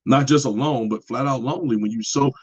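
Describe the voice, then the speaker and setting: A man's voice: medium pitch, brisk, breathy edge, highs cut off. A man talking in a casual monologue about relationships, plain-spoken and preachy, repeating his points. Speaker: podcast host.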